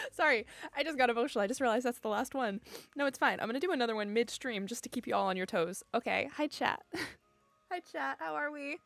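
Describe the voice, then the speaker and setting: Casual young woman chatting to her stream, a bit high, emotional and giggly, dry room. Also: quick pace, fairly bright tone, no room sound, faint music behind. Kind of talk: casual chat with live viewers. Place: home room.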